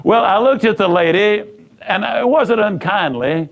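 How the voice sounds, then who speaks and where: Emphatic, high-voiced motivational speaker, man. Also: animated, measured pace, highs cut off. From United States. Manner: emphatic and folksy, with repetitions and acted-out dialogue. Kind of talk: motivational speech with storytelling.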